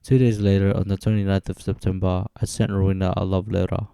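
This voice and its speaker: Low gravelly young man narrating. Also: fast talker, no room sound. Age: 20s. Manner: steady, plain reading of dates and events. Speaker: narrator of his own life story. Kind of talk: scripted personal narration.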